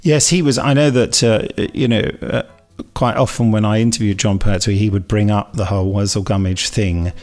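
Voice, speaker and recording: A man's voice: lowish voice, steady tone, moderate pace, hardly any pauses, darkish tone, soft background music. A middle-aged man co-hosting a podcast, wry, teasing and opinionated. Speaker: podcast co-host. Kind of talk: casual chat.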